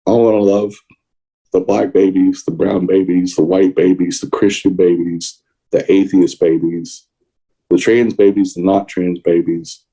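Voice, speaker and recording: A man's voice: deep voice, flat delivery, a little slow, dark tone, poor audio. A man co-hosting a podcast, giving emotional, indignant political commentary. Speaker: podcast co-host.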